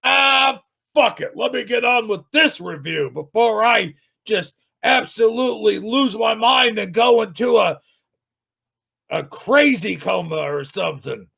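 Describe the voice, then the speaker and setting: A man reviewing another YouTube channel in an angry, sarcastic rant, swearing and shouting often. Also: high voice, animated, measured pace, vocal fry, husky. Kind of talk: ranting video commentary.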